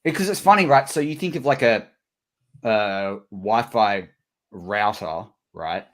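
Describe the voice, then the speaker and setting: An Australian man talks football in an easy, excitable way. His voice swings up and down a lot, jumping high when something grabs him. Nothing in it sounds rehearsed. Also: a little slow. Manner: excitable, chatty, laughs often. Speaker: co-host. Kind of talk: casual live draft chat.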